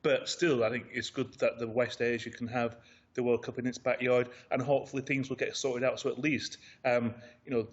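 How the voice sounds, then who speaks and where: A man giving football punditry on a radio phone-in, speaking in a measured, hesitant way with many pauses. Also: medium pitch, muffled recording. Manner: hesitant, measured, lots of ums.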